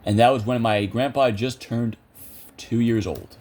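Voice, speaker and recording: A man's voice: medium pitch, measured pace, darkish tone. A young man commentating a video game casually, chatty and self-amused, thinking aloud with lots of fillers. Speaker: gameplay video creator.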